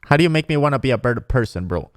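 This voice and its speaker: A man hosting a casual podcast rant, his voice sitting at an ordinary middle pitch. He is sarcastic and profane, peppering everything with bro. He often slips into exaggerated mocking voices. The sound is close and dry, with no room around it. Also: animated, very fast, dry recording. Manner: mocks others in exaggerated put-on voices. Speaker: podcast host.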